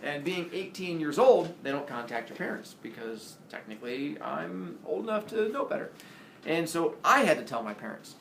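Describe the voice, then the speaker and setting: A man's voice: on the high side, moderate pace, creaky, slight background noise. Man telling a story in an echoey room. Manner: animated storytelling, acts out quoted voices. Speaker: storyteller host. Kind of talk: casual anecdote telling. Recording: roomy echo, distant from the mic, faint ambience.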